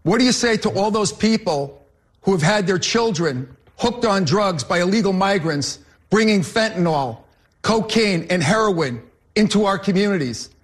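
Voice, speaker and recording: A man's voice: high voice, expressive, moderate pace. A man arguing as a candidate in a political debate, combative and repeatedly addressing his opponent. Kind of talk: debate argument.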